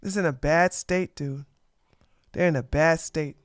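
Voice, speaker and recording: A live streamer giving animated drama commentary, laughing and talking back to the chat. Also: mid-range voice, normal speed, no echo, clean studio sound.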